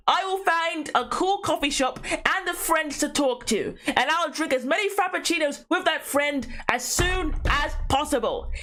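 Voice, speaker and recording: Brief: young female let's-play host, high-pitched and swooping, jokey and repetitive. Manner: playful, animated, given to repeating herself. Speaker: gaming streamer. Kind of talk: casual let's-play commentary.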